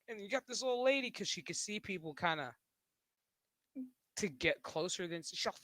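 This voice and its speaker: A man's voice: high-pitched, expressive, moderate pace, pushed and bright, no echo. A man streaming who talks in a rambling, casual way, swearing and laughing often. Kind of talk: casual livestream chat.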